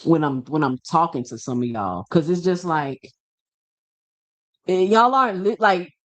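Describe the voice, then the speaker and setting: The host of a boxing show airs his opinions to camera in a casual, emphatic rant, full of rhetorical questions and repetition. His voice is slightly high, expressive, and a bit bright, and he doesn't rush.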